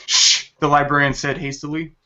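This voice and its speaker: A man's voice: on the high side, normal speed, bright, forceful tone, highs cut off. A man reading a crude comedy story aloud on a podcast, often laughing and stumbling over words.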